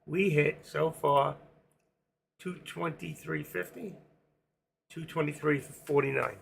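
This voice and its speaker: A man in his sixties hosting a casual stock trading livestream, rambling and joking between chart calls, his voice going hoarse. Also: a little high, fairly even intonation, takes it slowly, slight background noise. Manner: rambling, joking asides, sings snatches of songs. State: losing his voice. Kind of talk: casual live-stream market commentary.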